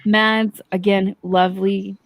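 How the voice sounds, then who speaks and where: A woman's voice: mid-range voice, little pitch movement, takes it slowly, no room sound, soft background music. A playful, chatty woman on a livestream video call sounds a little sleepy. Her voice is close and dry, with no room sound. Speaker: stream guest. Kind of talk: casual group chat on a livestream.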